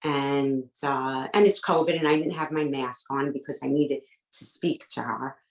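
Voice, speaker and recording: Low-voiced woman recounting a painful story. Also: moderate pace, reverberant, rough recording. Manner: recounts events with quoted back-and-forth dialogue; emotional, urgent retelling. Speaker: podcast guest. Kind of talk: personal storytelling.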